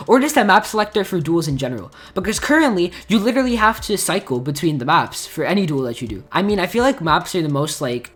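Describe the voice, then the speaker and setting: A man's voice: a little high, a bit bright. A young man talking casually as a gaming YouTuber, rambling with lots of filler words and bursts of mock outrage. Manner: rambling, full of "like" and "dude", mock-outraged rants. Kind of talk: casual gaming commentary to camera.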